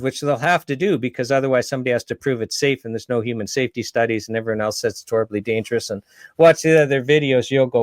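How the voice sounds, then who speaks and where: A man's voice: on the high side, lively intonation, a little fast, dry recording. A man giving impassioned, indignant and sarcastic commentary as an advocacy speaker. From Canada.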